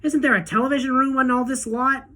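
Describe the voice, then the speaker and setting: A woman voicing a loud, bratty boy obsessed with television in a storybook reading, talking in a loud, excited way. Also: high voice, quick pace, voice pushed up.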